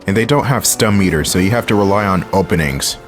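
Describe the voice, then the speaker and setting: A man's voice: deep voice, expressive, fast. A man with a Philadelphia accent giving casual, wry gameplay commentary as a let's-play host, joking to himself and swearing now and then. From Philadelphia area. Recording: voice over faint game music.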